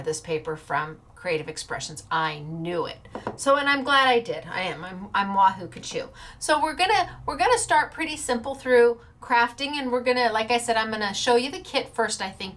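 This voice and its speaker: A woman's voice: mid-range voice, a bit bright. A woman hosting a paper-crafting show, talking in a bubbly, chatty way, laughing often and acting out little quotes. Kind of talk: casual chatty livestream.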